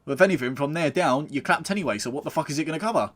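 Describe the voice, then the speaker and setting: A man's voice: a little high, very fast. Blunt, sweary man. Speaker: podcast co-host. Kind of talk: casual chat.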